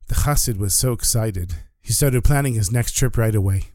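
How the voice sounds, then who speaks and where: A man telling a religious story in a vivid, animated way. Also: fairly low pitch, normal speed, hardly any pauses, no room sound, clean studio sound.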